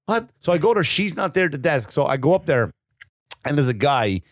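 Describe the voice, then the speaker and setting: A man's voice: on the high side, brisk, no echo, clean studio sound. A man, co-hosting a podcast and telling a crude story in a rambling way, full of swearing and acted-out voices. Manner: rambling, swearing, acts out voices in animated bursts. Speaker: podcast co-host. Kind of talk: casual comedic storytelling.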